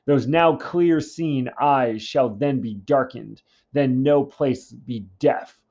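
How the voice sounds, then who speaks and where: Brief: man voicing a stern old blind seer, mid-pitched, in a dull, lo-fi recording. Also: warm tone. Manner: reads the verse aloud, then slips into a casual modern paraphrase. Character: old blind male prophet, defiant and stern.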